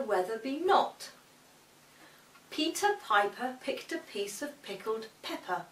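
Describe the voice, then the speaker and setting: Slow, carefully spoken woman teacher. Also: on the high side, very animated, fairly bright tone. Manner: slow, deliberate, carefully enunciated. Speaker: speech teacher. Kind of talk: instructional demonstration. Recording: echoey room, mic far off.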